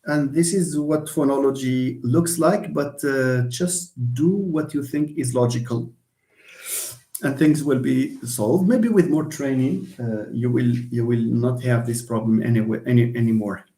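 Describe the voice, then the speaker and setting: Slow, halting male lecturer. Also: medium pitch, dark tone, echoey room. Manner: slow, halting, thinks aloud with many restarts. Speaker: linguistics lecturer. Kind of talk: online class lecture.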